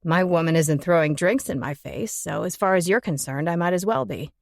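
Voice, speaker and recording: A woman's voice: lowish voice, brisk, no echo, clean studio sound, voice pushed down, natural voice. A woman voicing a blunt, mocking young male rock musician who needles his bandmate. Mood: lecturing. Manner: scoffing, needling.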